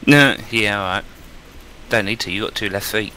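Male gamer, bright and playful, faint background noise. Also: fairly low pitch, normal speed. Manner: joking, playful. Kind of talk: casual gaming chat, reading quest text aloud.

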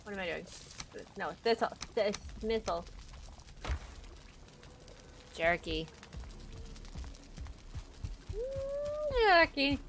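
A woman's voice: on the low side, takes it slowly, long pauses, background noise. A woman live-streaming a game, thinking aloud in a chatty, playful, teasing way. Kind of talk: live-stream gameplay chat.

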